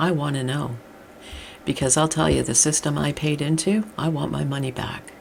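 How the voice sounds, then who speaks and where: A middle-aged woman delivers a blunt, exasperated rant with a gravelly, creaky edge to her voice. She speaks at an ordinary mid pitch for a woman. A faint hiss of noise sits under her voice. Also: steady tone, normal speed. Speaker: vlogger. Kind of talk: ranting monologue.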